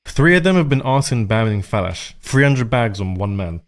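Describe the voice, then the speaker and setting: A man's voice: on the low side, very animated, moderate pace. A man streaming a game live, chatting casually and rambling, with frequent swearing.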